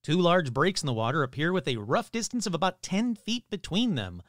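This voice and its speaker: A man's voice: fairly high pitch, very animated, a little fast, a bit bright, no room sound, clean studio sound. A man hosting a paranormal podcast, reading news stories in a casual style with joking, self-deprecating asides. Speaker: podcast host. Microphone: studio microphone, adjusted mid-show.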